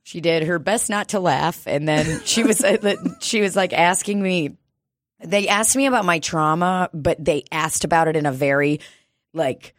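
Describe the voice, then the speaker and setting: A woman with a low voice talks in loose, casual conversation. She laughs often and acts out quoted lines as she tells stories. The sound is dry and close to the mic. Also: moderate pace, no echo. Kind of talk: casual chat.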